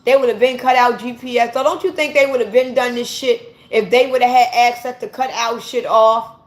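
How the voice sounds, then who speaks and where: A woman from the United States with a high-pitched voice delivers a fiery, profanity-laced rant, lecturing her viewers like a street preacher. The recording sounds roomy, with noticeable echo off the walls. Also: fairly even intonation, fairly quick. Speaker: vlogger. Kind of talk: impassioned monologue to viewers. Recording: echoey room.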